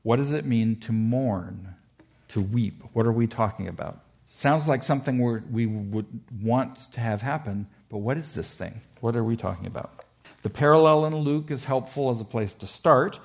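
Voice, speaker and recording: A man teaching on the Bible in a measured, explanatory lecture, slowing down to stress quoted verses. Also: medium pitch, a little mellow.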